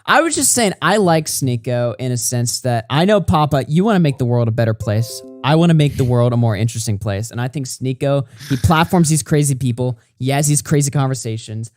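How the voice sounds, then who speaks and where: Male podcast host, lively pitch swings, dry close sound, casual and profane. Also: fairly quick, few pauses, no room sound, faint music behind. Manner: animated, swearing, laughing often.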